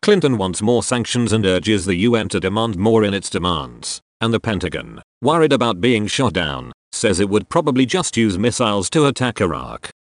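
A malfunctioning robot newsreader , spoken by a male text-to-speech voice, reads the news deadpan and trips over his own words. The synthetic voice sits low and swings widely in pitch, with a dry, close sound. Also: moderate pace, few pauses, no echo.

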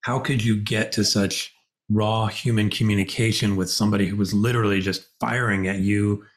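A man hosting a podcast, interviewing in a reflective way and often giving soft affirmations. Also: on the low side, fairly even intonation, moderate pace. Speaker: podcast host. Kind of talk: interview conversation.

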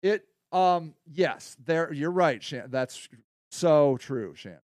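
A man hosting a podcast in a casual monologue, rambling and blunt, often profane, going from quiet asides to heated stretches. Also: fairly high pitch, expressive, takes it slowly, no echo, clean studio sound. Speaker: podcast host.

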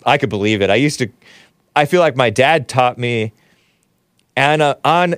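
A male talk show host riffing casually on a livestream, reading chat comments, laughing often and jumping up in pitch when mock-surprised. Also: moderate pace, clear, resonant tone, no echo, studio quality.

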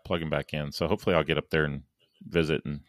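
A man from Saint Louis, a podcast guest talking casually in halting starts and restarts, his voice going hoarse. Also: very deep voice, flat delivery, dry recording, clean studio sound. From Saint Louis, USA. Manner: halting, many restarts and fillers. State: losing his voice. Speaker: guest, engineer and planner.

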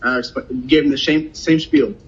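A man casually telling a personal story in a conversation, animated and acting out what other people said. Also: normal speed, gravelly. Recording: dull lo-fi sound, faint rumble.

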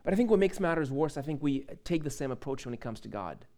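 A man's voice: a little high, quick pace. A young man preaching in a church, telling a personal story in a casual, chatty way and asking the congregation questions. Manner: casual, animated storytelling with laughs and asides to the audience. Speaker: pastor. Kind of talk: conversational sermon with personal story.

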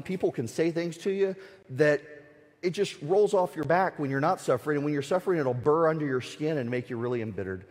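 A man's voice: mid-range voice, a little mellow. A middle-aged man giving an earnest faith talk at a conference, building to emphatic recitation of scripture. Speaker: conference speaker. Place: conference hall. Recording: reverberant conference hall.

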